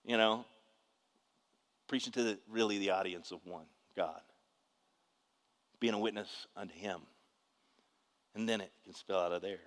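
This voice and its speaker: A man, preaching a testimony in an animated storytelling way with bursts of shouting. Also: lowish voice, measured pace, long pauses, in a large hall. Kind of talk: testimony sermon.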